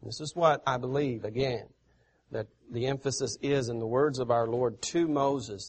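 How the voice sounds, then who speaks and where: A male preacher giving a sermon, reading scripture aloud and swelling loud on key phrases. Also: mid-range voice, normal speed, a little hiss or hum.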